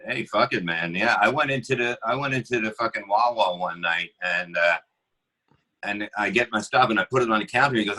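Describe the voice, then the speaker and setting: A man rants crudely and in exasperation as a podcast guest. His voice is bright and pushing, yet husky and a little raspy. He sounds like a comic working up a bit. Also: on the low side, a little fast, poor audio. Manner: profane, ranting, exasperated. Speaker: guest comedian.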